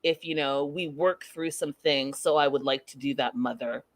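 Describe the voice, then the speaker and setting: A woman voicing a creepy adult son who speaks to his mother in slow, flat, overly formal words. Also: extremely low pitch, dry recording, pitched below the performer's own voice. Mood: solemn.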